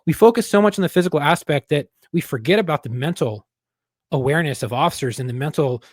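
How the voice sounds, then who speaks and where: A man with a voice on the higher side talks in a loose, casual podcast conversation. He is a former police officer who tells stories bluntly and swears a lot. The sound is close and dry, with no room echo. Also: fast. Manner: blunt, profane storytelling.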